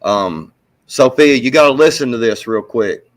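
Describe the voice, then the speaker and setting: A man on a casual stream telling chat a funny story, animated and profane. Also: mid-range voice, moderate pace. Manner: animated, profane yarn-spinning. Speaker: stream co-host.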